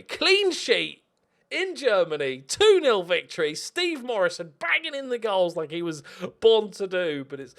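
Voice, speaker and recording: A man hosting a football management game playthrough, commentating in an excitable, sarcastic, self-mocking way. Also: sits high. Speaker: let's play host. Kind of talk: gaming commentary.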